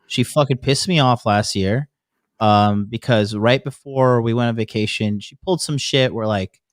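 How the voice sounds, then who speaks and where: A brash man tells a boastful story packed with profanity, sounding cocky and unbothered. His voice sits at a medium pitch and is recorded dry and close. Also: normal speed, no echo. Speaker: podcast guest. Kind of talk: casual storytelling.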